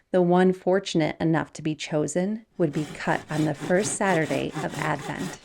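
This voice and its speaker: Slow, gravelly woman reading a storybook. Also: lowish voice. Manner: gentle, unhurried read-aloud with soft hushed passages.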